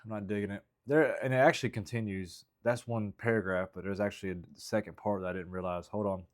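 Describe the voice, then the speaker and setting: A man in a casual vlog, talking haltingly about his stand-up material and second-guessing his own jokes. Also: on the low side, fairly even intonation. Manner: halting, rambling, self-critical, frequent restarts. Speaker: stand-up comedian.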